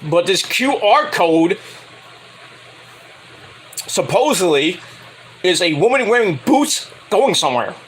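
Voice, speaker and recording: Excitable high-voiced man reviewing wrestling. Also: takes it slowly, long pauses, slight background noise, low-quality recording. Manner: rambling, excitable, swears freely. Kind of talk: casual spoken review.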